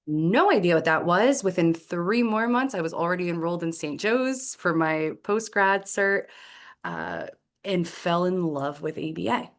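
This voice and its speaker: A woman, a podcast guest telling her career story in a lively, casual way. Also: fairly low pitch, measured pace. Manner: animated storyteller acting out quoted dialogue. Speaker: podcast guest, clinical executive.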